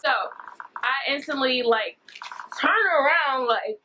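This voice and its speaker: A woman's voice: on the high side, normal speed, noisy background. A young woman rambling through a story-time vlog, full of fillers. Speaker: vlogger.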